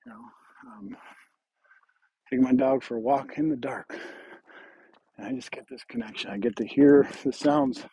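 A man's voice: mid-range voice, moderate pace, pauses often, mellow, slightly rough, dry recording, poor audio. A man hosting a podcast, talking outdoors at night while walking hills with a weighted vest, out of breath, earnest and rambling with restarts. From Oregon. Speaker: podcast host. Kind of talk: motivational faith talk.

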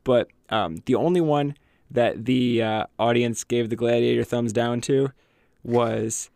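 A man's voice: mid-range voice, measured pace, vocal fry, darkish tone, no room sound, clean studio sound. A man co-hosting a podcast in casual chat, rambling and profane, with many fillers.

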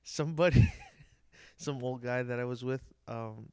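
Giggly man with a smooth, clear voice. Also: medium pitch, a little slow, warm tone, no echo, clean studio sound. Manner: giggly, laughs often. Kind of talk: casual podcast chat.

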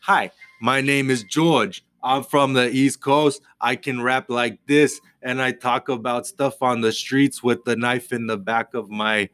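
A man's voice: medium pitch, fairly even intonation, a little slow, few pauses, a bit bright, dry recording, studio quality, close to an everyday voice. Sex: man. Figure: a man doing a boastful street-tough East Coast rapper. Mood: mock-tough.

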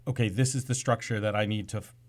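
A man's voice: on the low side, steady tone, fast talker. A man co-hosting a comedy radio show, mixing jokes with analytical asides. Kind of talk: casual radio banter.

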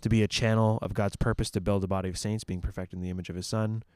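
A man's voice: fairly low pitch, little pitch movement, fast, a little mellow, clear, resonant tone, no room sound, studio quality. A man who ministers at a church, talking through ideas about the church's purpose in a casual discussion, thinking aloud with fillers and restarts.

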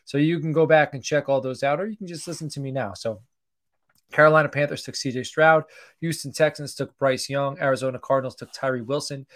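Middle-aged guy hosting a live sports stream, chatty, shouts out viewers, medium voice. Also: medium pitch, fairly even intonation, a little fast. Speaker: podcast host doing a mock draft. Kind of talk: casual livestream commentary.

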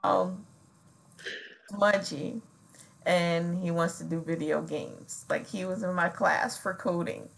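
A woman's voice: fairly low pitch, takes it slowly, gravelly, a bit bright, low-quality recording. A middle-aged woman in casual chat, telling stories and acting out what people said. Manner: chatty storyteller acting out quoted dialogue. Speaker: co-host.

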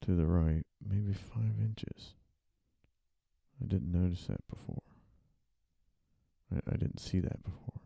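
A man, an author, thinks aloud while drafting and typing in a dark room, muttering, rereading and correcting himself. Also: low-pitched, moderate pace, gravelly, long pauses, no echo.

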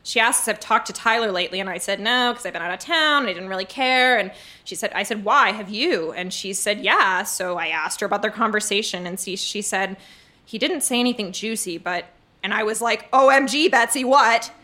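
A woman's voice: mid-range voice, fairly quick, pushed and bright. A woman reading her teenage diary aloud on stage to a live audience, with a dramatic, gushing delivery and comic timing. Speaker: live show reader. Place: stage before a laughing audience.

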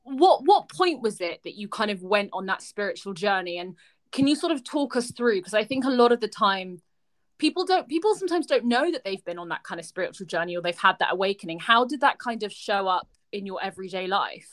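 A woman's voice: medium pitch, expressive, fairly quick, no room sound. Curious woman interviewer, dry sound. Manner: warm, curious, with hedging fillers. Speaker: interviewer host. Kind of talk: casual interview questions.

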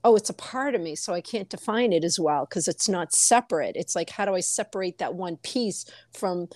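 Animated woman in dry, close chat. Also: lowish voice, a little fast, no room sound. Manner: animated, acts out quotes in playful voices, many fillers. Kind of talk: casual spiritual chat.

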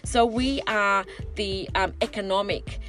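A woman of Sicilian birth, chatting as a guest in a lively, theatrical way, calling people darling and slipping into Italian. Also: mid-range voice, unhurried, soft background music. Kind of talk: casual chat.

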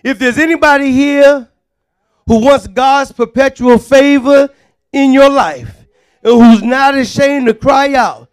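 A man preaching a fervent sermon, often shouting and calling on the congregation to respond. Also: very high voice, measured pace, smooth, faint music behind.

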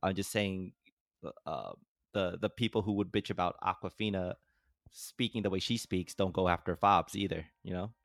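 Low-voiced Bay Area man, casual podcast chat. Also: moderate pace, gravelly, no echo, clean studio sound. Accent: Bay Area American. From San Jose, California. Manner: rambling, self-interrupting, laughs easily. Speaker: podcast co-host.

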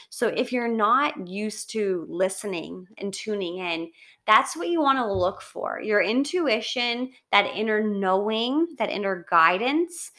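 A woman's voice: mid-range voice, a bit bright. A woman giving a chatty, encouraging motivational talk, often checking in with "right?".

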